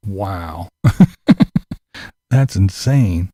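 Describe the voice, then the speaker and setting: A man's voice: deep voice, lively intonation, extremely slow, warm tone, dry recording, studio quality. A man chatting casually with his online viewers, laughing through most sentences and swearing while he mocks. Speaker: livestream host answering chat. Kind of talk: casual commentary chat.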